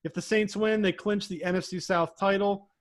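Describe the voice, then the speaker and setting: A man's voice: high voice, fairly even intonation, normal speed. A young man co-hosting a casual sports talk show, laughing often as he runs through the week's picks. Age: young adult. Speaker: co-host.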